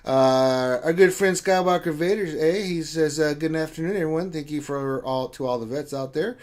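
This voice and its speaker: Guy on a live stream reading the chat out loud, joking around, teasing folks. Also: on the high side, moderate pace. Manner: joking, reads chat names aloud with playful teasing. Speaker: co-host reading viewer chat.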